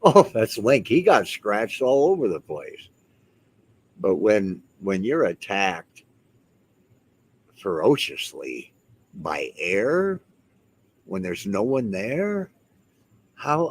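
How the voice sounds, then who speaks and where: Low-voiced man talking emphatically. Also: sing-song, takes it slowly, slightly rough. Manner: rambling and emphatic, with many restarts. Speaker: house owner and vlogger. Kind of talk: casual talk to camera.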